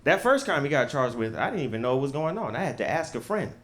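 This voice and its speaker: Lively, bright-voiced man doing stand-up. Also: medium pitch, quick pace. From United States. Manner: punchy, animated delivery with casual swearing. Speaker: stand-up comedian. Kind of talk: stand-up comedy set.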